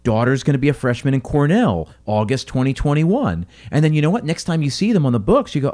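A man who works as a restaurant consultant, giving advice in an energetic, coaching way in casual conversation. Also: a little high, fast, few pauses. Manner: energetic, coaching tone, quotes others.

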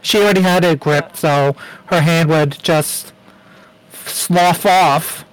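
A man's voice: fairly high pitch, fairly even intonation, takes it slowly, clean tone, low-quality recording. A man co-hosting a podcast, casually arguing his theories about a TV show. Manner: argumentative, defends his theories. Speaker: podcast co-host.

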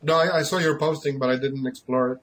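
A man co-hosting a casual talk show, making brief, measured remarks over an online call mic. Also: mid-range voice, steady tone. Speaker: radio show co-host.

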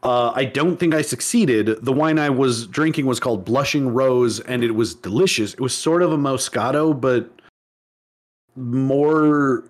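A man's voice: medium pitch, measured pace. A man co-hosting a casual podcast, rambling and laughing at himself as he chats. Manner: rambling, laughs often, self-deprecating. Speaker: podcast co-host. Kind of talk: casual chat.

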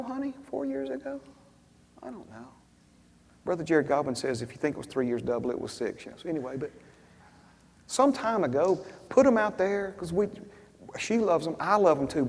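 A man preaching a sermon as a story, swinging from hushed asides to loud, emphatic bursts. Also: on the high side, gravelly, breathy edge. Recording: long hall reverb.

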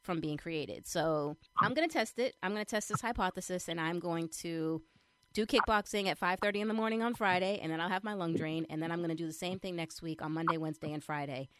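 A young adult woman chatting casually as she shares a personal update, retelling things in an animated way with lots of fillers. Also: lowish voice, fast. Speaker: vlogger sharing a personal update. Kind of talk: casual chat.

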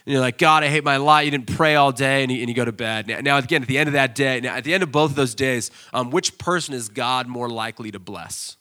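A man delivers a sermon as pastor, his voice bright and ringing at an ordinary middle pitch. He tells everyday stories with animated energy and breaks into loud, excited bursts when acting them out. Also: fast, hardly any pauses.

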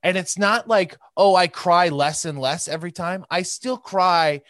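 A man's voice: sits high, measured pace, a bit bright, dry recording, clean studio sound. A man in his thirties in casual podcast chat, rambling and emphatic and tagging his points with "okay?".

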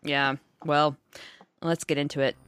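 A woman co-hosting a podcast in casual chat, bubbly and teasing, quick to laugh. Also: deep voice, flat delivery, a bit bright, clear, resonant tone, no echo, clean studio sound. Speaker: podcast co-host.

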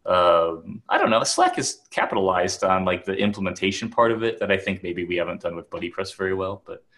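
A man's voice: sits low, sing-song, brisk, a bit bright. A man from Wisconsin co-hosting a podcast, chatting casually with lots of "like". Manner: chatty, peppered with "like". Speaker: podcast co-host. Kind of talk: casual chat.

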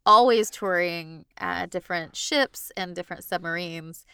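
A woman's voice: on the low side, unhurried, vocal fry, clear, resonant tone, dry recording, studio quality. A woman co-hosting a casual podcast, reading a listener's story aloud with frequent laughs and asides. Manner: animated, laughs often, reads aloud with asides. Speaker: podcast co-host.

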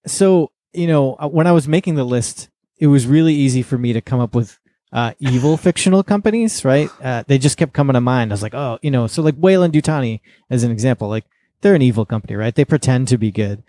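Casting: young man, mellow warm tone, dry close mic, calm explainer in a podcast. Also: mid-range voice, fast talker, no room sound. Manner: patient, explaining and correcting. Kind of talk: casual chat.

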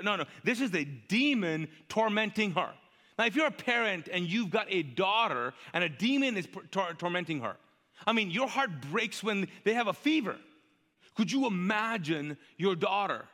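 A male pastor preaches in a high, bright, forceful voice, chatting with the congregation and peppering his sermon with rhetorical questions and call-and-response prompts. His voice rings out with a long reverb, as if he is on stage in a large church auditorium. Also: sing-song, moderate pace.

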